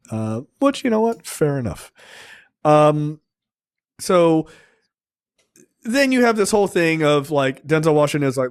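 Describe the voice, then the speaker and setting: A man's voice: fairly high pitch, measured pace, long pauses, clear, resonant tone, no room sound, studio quality. A man co-hosting a movie review podcast in casual chat, swearing a lot and acting out scenes. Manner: animated, profane, acts out scenes in voices. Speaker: podcast co-host.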